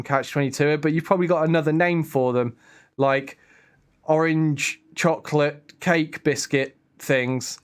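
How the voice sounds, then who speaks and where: Chatty man streaming. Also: a little high. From England. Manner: chatty, rambling, laughs often, answers chat. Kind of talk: casual live-stream chat.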